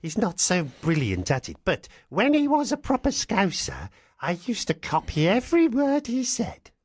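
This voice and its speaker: A man's voice: sits high, huge pitch swings, normal speed, dry recording, studio quality, exaggerated voice. A man voicing a silly, chatty puppet called Spoon in a bouncy comic voice.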